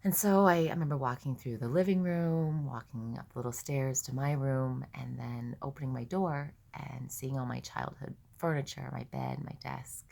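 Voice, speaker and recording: A young woman telling a candid personal story, halting at times and often acting out dialogue. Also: a bass voice, fairly even intonation, vocal fry, darkish tone. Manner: candid, halting, with many restarts and quoted dialogue. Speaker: vlogger.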